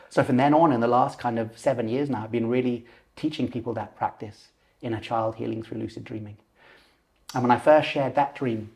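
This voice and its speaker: Man, forties, podcast guest, storytelling, animated, acts out voices. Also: medium pitch. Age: 40s. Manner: animated, acts out voices and gestures while telling. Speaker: lucid dreaming teacher, podcast guest. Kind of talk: personal storytelling in conversation.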